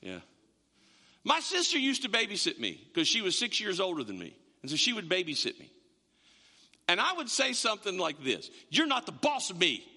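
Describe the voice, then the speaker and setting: A male pastor preaches with a high, lively voice that swoops as he acts out the people in his stories. His tone is very bright and sharp, and it rings out in a church sanctuary with a long reverb tail behind it. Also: normal speed, vocal fry. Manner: storytelling with quoted voices and repeated words. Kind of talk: sermon.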